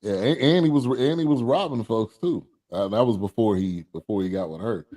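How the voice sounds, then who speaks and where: A man co-hosting a movie review podcast, speaking in a relaxed, hesitant way with restarts. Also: on the low side, a little fast. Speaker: podcast co-host. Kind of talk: casual movie review chat.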